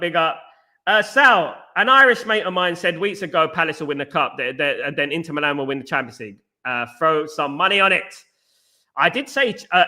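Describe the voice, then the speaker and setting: A man's voice: fairly high pitch, bright, forceful tone. A man hosting a casual live stream, rambling and talking straight to his chat viewers. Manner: chatty, rambling, addresses chat viewers directly. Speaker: livestream host.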